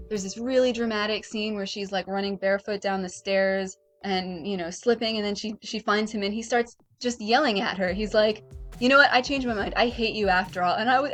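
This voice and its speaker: A woman's voice: medium pitch, fairly bright tone. A woman with a mid-range voice chats casually about a film, retelling its scenes and quoting characters as she goes. Faint music sits under her voice. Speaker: podcast co-host. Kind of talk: casual chat reviewing an anime film.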